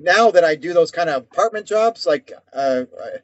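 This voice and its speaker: A man, a co-host with a slightly raised voice, telling rambling profane stories. He drops into quick acted-out voices as he goes. The sound is dull and lo-fi, dry and close with no room around it. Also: a little high, expressive, no room sound. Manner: profane, rambling storyteller, acting out quoted voices. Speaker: podcast co-host. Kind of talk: casual chat.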